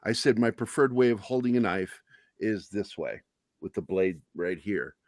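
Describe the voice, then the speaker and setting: A middle-aged man on a casual talk show, telling stories with deadpan dark humor. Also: fairly low pitch, normal speed, no room sound, studio quality. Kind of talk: casual chat.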